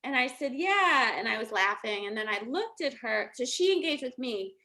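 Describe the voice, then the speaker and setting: A woman's voice: on the high side, lively intonation, fairly quick, a bit bright. A middle-aged woman, giving a casual motivational talk as a coach and telling stories with lots of laughter. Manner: chatty, laughing storytelling.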